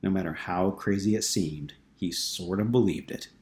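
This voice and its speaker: A man reads a novel aloud in a steady, measured storytelling voice. His voice sits on the low side. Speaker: narrator. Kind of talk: audiobook narration.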